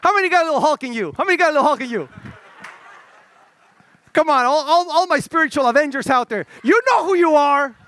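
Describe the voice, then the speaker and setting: With a brisk pace and frequent pauses, a middle-aged pastor preaches in an animated, chatty manner. He often stammers and starts over, moving from loud shouts to hushed murmurs.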